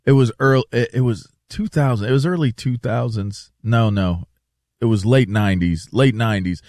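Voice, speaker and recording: A man's voice: medium pitch, normal speed, dry recording, clean studio sound. A man co-hosting a sports radio show, telling rambling stories in casual banter and often repeating himself. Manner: rambling, animated storyteller who repeats himself. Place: radio studio.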